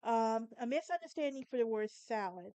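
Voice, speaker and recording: Sassy Southern-accented woman, high and smooth. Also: expressive, a little fast, dark tone, no echo. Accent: Southern American. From Southern United States. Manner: sassy, emphatic, talks straight to the listener. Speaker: podcast host. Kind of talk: casual monologue.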